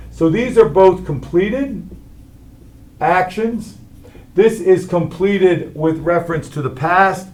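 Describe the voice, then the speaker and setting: A middle-aged man with a slightly high voice walks a class through a Latin grammar lesson. He explains each form step by step and keeps checking in with "all right?". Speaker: Latin teacher.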